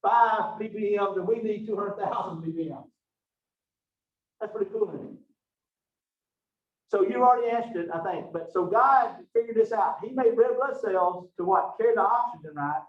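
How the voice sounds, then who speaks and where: A man's voice: sits high, normal speed. Man, folksy chatty lecture, distant mic, echoey muffled classroom. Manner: folksy and chatty, Southern phrasing. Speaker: college anatomy and physiology instructor. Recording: echoey, distant, dull lo-fi room recording.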